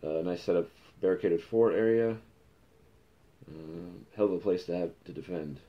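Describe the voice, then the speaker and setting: A man's voice: deep voice, normal speed, dull audio. A man hosting a casual podcast, reading comic book dialogue aloud with many fillers and self-corrections. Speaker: podcast host.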